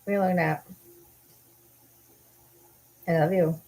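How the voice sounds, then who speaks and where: A woman's voice: lowish voice, fairly even intonation, measured pace, dark tone, rough recording. A woman at home chatting casually, often cooing baby talk to her pets.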